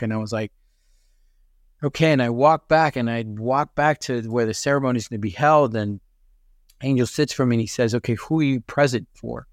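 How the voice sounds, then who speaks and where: A podcast guest with a mid-range voice shares his story in a conversational way, earnest and reflective, at a fairly quick pace. He restarts phrases often, and the audio is close and dry with no room echo.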